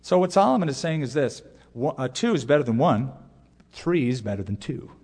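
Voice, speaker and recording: A middle-aged man preaching a sermon as a pastor, earnest, with pauses and sudden emphatic rises. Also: mid-range voice, expressive, a little mellow. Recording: long reverb of a large hall.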